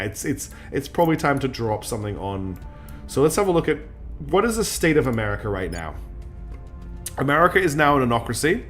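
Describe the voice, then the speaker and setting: A worn-out man streams a strategy game late at night, thinking aloud in a loose, rambling, self-mocking way. His voice sits at a middling pitch and he fills gaps with lots of ums and uhs. Soft game music plays faintly underneath. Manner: rambling, chatty, self-mocking with many fillers. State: very tired. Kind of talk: casual gameplay commentary.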